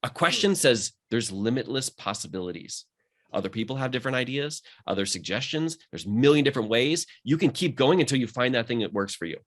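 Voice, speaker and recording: With lively intonation and a fairly bright, medium-pitched voice, a mindset coach talks fast on a podcast. He sounds earnest and motivational, pushing his voice upward to stress key ideas.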